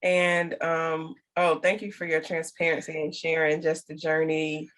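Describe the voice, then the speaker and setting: A woman hosting an interview, gently thanking her guest and asking follow-up questions. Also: low voice, flat delivery, measured pace. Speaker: podcast host. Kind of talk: interview chat.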